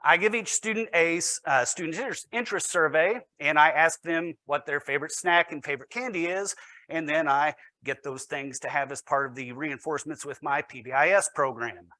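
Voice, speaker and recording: A man's voice: a little high, brisk, bright, forceful tone, no echo. A man, a teacher, giving a storytelling presentation with wry, self-deprecating humor.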